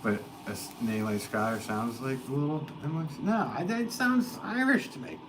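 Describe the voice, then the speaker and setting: A man's voice: medium pitch, moderate pace. A man hosting a casual live stream as a potter, rambling and poking fun at himself with easy chuckles. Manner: rambling, self-deprecating, chuckling. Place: pottery studio. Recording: steady background noise.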